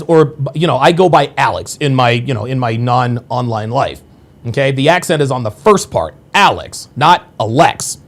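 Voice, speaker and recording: Man, forties, stream host, rambling, crude, swears a lot, pitch swoops up and down, fairly high voice. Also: creaky. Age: 40s. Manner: rambling, repetitive, crude and profane; addresses viewers directly. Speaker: livestream host. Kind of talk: casual livestream commentary.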